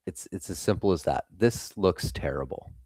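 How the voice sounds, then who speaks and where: Young guy with a super deep voice, blunt and sweary, talking markets on stream, dry sound. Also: moderate pace, a little mellow, no room sound. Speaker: live trading stream host. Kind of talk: casual live-stream market commentary.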